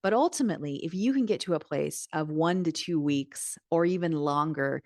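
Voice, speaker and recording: A woman's voice: deep voice, normal speed, darkish tone, dry recording, clean studio sound. A middle-aged woman hosting a solo podcast, talking straight to the listener in an earnest, encouraging way. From United States. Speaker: podcast host and Christian mindset coach.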